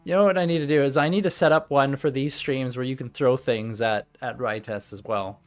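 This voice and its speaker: A man hosting a live roleplay stream, excitable and loud, swearing often in casual banter. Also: medium pitch, brisk, faint music behind. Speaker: game master and streamer.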